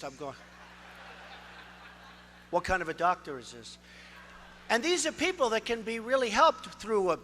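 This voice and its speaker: A man's voice: very high-pitched, pushed and bright. A man in his sixties giving a campaign speech in a large hall, boastful and repetitive, punching out short phrases. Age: 60s. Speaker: political candidate. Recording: reverberant hall with faint ambience.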